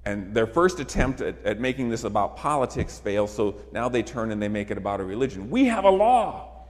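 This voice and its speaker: A man's voice: lowish voice, brisk. A man preaching a sermon emphatically, repeating phrases for effect. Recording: long reverb of a large hall.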